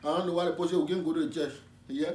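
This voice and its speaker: A brash, pleading Liberian pastor, as a man puts him on begs for offerings and chants his refrains again and again in a Liberian English accent. His raised voice sits high and rings around a roomy space, heard from some distance. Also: steady tone, very fast, darkish tone, close to an everyday voice. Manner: exclaiming, repetitive, chanting refrains. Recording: echoey room from a distance.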